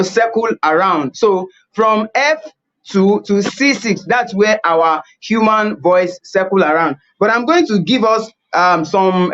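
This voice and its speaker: A man's voice: high-pitched, fairly bright tone, dull audio. A man teaching a singing webinar, repeating key points and explaining things as he plays the piano. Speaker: vocal coach.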